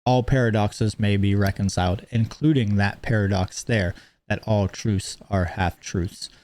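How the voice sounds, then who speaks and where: A man lecturing in a measured, explanatory way, reading out principles and then commenting on them. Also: lowish voice, fairly even intonation, darkish tone, a little hiss or hum. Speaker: teacher. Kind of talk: lecture on esoteric teachings.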